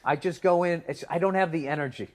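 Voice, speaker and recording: A man's voice: on the high side, quick pace. A man co-hosting a podcast, telling stories in casual chat and acting out both sides of the conversations. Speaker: podcast co-host.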